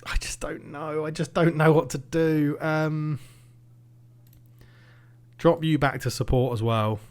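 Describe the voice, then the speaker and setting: A man narrates his football management game play by play in a fairly high voice. He worries aloud over every attack, drops to a mutter while fretting, then rises to an eager shout when the play turns. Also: slow pace, clean tone. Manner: anxious, commentating play by play, swinging between muttering and excited shouting. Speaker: gaming YouTuber. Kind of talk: live game commentary.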